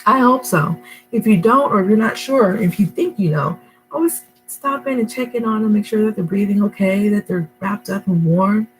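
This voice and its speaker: A woman's voice: mid-range voice, normal speed, faint music behind, low-quality recording. A middle-aged woman talking casually to camera at home, rambling and emotional, with many fillers and restarts. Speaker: vlogger. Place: her home, indoors.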